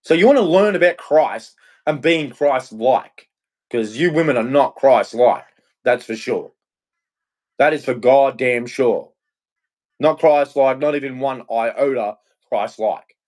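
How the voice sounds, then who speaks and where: A man ranting on his own, heated and profane, turning preachy at times and swinging between shouting and muttering. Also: medium pitch, slow. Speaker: vlogger. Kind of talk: angry solo rant.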